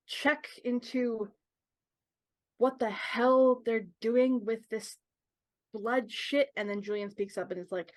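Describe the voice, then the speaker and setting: A woman playing a tabletop game character, talking haltingly and searching for words with many fillers. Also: fairly high pitch, steady tone, dry recording. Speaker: player. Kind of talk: in-character tabletop role-play.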